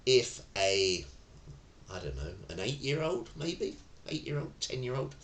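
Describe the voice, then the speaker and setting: A man teaching self-defence in a relaxed, anecdotal way, acting out the phrases he quotes. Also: mid-range voice, measured pace. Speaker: tai chi and self-defence instructor. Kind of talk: spoken lesson. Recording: roomy echo.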